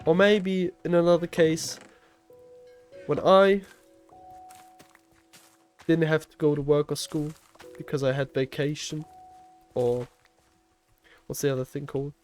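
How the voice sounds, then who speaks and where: A young man vlogging a casual story in slangy, playful talk, speaking low and close to a desk mic in his bedroom. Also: flat delivery, unhurried, long pauses, a little mellow, soft background music. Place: shared bedroom at home. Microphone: desk microphone up close.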